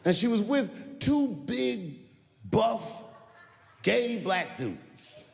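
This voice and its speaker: Profane stand-up comedian man, fairly high voice. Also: very animated, very slow, gravelly, big-room sound. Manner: profane, crude punchlines.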